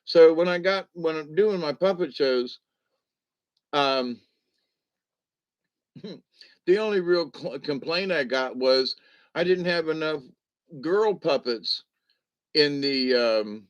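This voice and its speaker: Middle-aged guy rambling on a livestream, slow and giggly, kinda high voice. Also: dry recording. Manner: giggly, jokey, drops into put-on voices. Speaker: livestream host and puppeteer. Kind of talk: rambling casual livestream chat.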